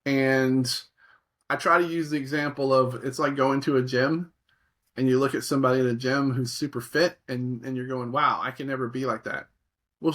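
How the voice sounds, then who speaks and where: Middle-aged male guest, mid-pitched, lively storyteller who voices quoted reactions. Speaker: guest, creativity facilitator. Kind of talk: conversational interview.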